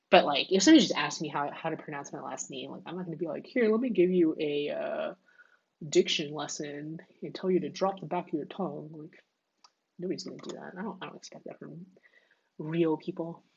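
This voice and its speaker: A woman with a low, creaky, slightly rough voice talks fairly quickly, her sound lo-fi through wireless earbuds. She's hosting a casual livestream while coding, thinking aloud and chatting with plenty of filler words.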